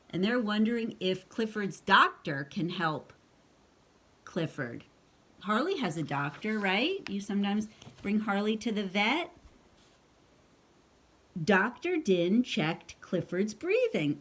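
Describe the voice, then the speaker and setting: A woman reading a picture book aloud to her child, breaking off for chatty asides and playful hiccup noises. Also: medium pitch. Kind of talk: casual storybook read-aloud.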